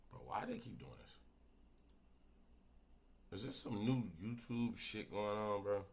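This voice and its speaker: A man's voice: fairly low pitch, measured pace, slight background noise. A man streaming a reaction video with casual, profane commentary, firing off rhetorical questions.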